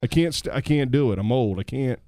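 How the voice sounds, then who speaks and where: A man's voice: medium pitch, animated, warm tone, dry recording, clean studio sound. Joking man hosting a chat podcast. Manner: joking, teasing, talks in quick bursts. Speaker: podcast host. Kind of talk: casual chat.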